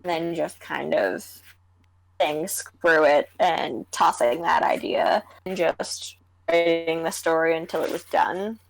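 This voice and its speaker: A young woman from Canada co-hosting a podcast, chatting in a relaxed way, full of "like" and "kind of". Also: sits low, measured pace, creaky, no room sound, faint music behind, poor audio. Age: young adult. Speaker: podcast co-host, writer. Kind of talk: casual chat.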